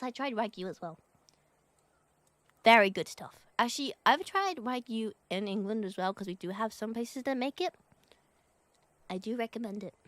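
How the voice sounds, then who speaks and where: A bubbly young woman with a slightly high voice, chatting loosely to her viewers on a live stream. She laughs a lot, swears casually and thanks people as they donate. Her voice sounds dry and close, with no room around it. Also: no echo. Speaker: VTuber streamer.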